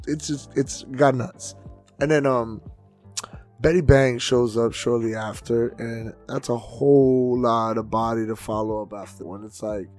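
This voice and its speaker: A man co-hosting a podcast, telling loud, profane stories in a casual way and acting out other people's voices with big swings in pitch and volume. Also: moderate pace, faint music behind. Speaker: podcast co-host and DJ.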